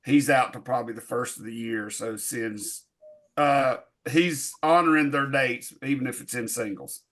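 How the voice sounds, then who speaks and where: A man co-hosting a wrestling talk show, speaking in a halting way with many fillers. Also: mid-range voice, fairly bright tone. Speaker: co-host. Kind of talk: casual chat.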